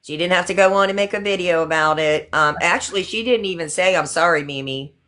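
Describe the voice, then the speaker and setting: A woman's voice: on the low side, quick pace, fairly bright tone. A middle-aged woman hosting a casual livestream, talking indignantly and repeating her points for emphasis. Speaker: livestream host.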